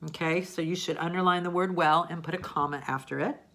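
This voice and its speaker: Bright-voiced teacher checking in with "okay?". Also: female voice, fairly low pitch, fairly quick. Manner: patient, explains step by step with frequent "okay?" checks; acts out example sentences with lively emphasis. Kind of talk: recorded grammar lesson.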